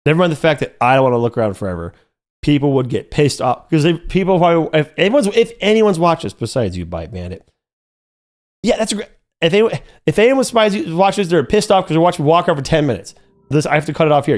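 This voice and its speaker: A young man commentating his own gameplay live, talking to his chat and growing frustrated, with sudden high yelps. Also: animated, quick pace. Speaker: streamer playing a horror game.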